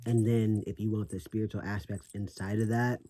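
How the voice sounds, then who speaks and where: A brash, profane vlogger chats to camera with lots of sass and laughter. The words come out thick and slurred from a swollen tongue. The voice sits at a middle pitch over a faint background hiss. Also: little pitch movement, a little fast, mellow. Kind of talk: casual vlog talk.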